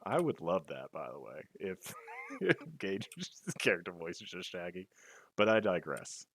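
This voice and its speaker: A man's voice: low-pitched, sing-song, a little slow, fairly bright tone, no echo, studio quality. A man playing a tabletop game, joking and swearing as he describes what his character does. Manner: joking, profane, cocky. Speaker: player. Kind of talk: casual tabletop game chat.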